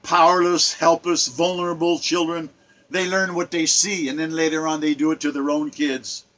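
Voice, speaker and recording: A man with a high, bright, forceful voice delivers an emotional monologue. He preaches and repeats himself, rising to loud outbursts and then sinking to hushed, heavy lines. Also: little pitch movement, moderate pace. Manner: emotional, preachy, repetitive, with sudden swells and drops. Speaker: online commentator. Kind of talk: impassioned spoken monologue.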